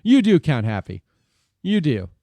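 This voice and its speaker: A male streamer rambling casually to his chat, dropping swear words into animated complaints. His voice sits fairly high and swings widely in pitch. The sound is dry and close. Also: measured pace, no echo.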